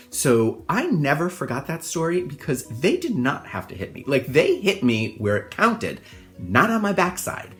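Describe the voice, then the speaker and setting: A middle-aged man, a hairstylist, telling a personal childhood story in an animated, expressive way, acting out the scenes. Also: fairly low pitch.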